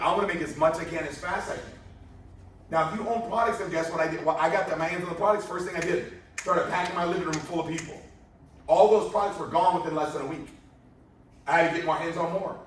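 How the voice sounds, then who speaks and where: A man's voice: on the high side, a little hiss or hum. A man giving a motivational sales presentation, asking the crowd rhetorical questions and telling stories with energy. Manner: rhetorical questions, animated storytelling. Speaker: business presenter. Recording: echoey room from far off.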